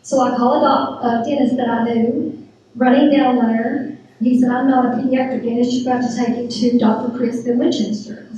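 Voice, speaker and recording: Middle-aged woman telling her church testimony, acts out all the dialogue, mellow highish voice, big echoey hall. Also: moderate pace, distant mic, lo-fi sound, slight background noise. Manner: retells events with lively quoted dialogue. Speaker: church member giving testimony. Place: church sanctuary.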